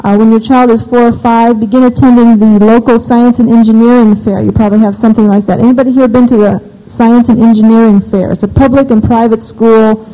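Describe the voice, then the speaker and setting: A woman's voice: on the high side, steady tone, fairly quick, few pauses, dark tone. A woman speaking to a live audience at a homeschooling seminar, opinionated and practical, often asking the listeners questions. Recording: dull lo-fi recording.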